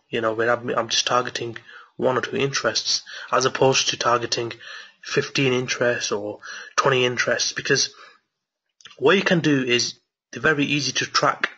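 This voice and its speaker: An excited man talking viewers through a marketing tutorial late at night, repeating words and restarting sentences as he goes. His voice is bright and a little husky. The recording sounds dull and lo-fi. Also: mid-range voice. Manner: enthusiastic, repeats himself, many restarts. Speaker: online marketing teacher. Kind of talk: screen-share tutorial with viewer Q&A.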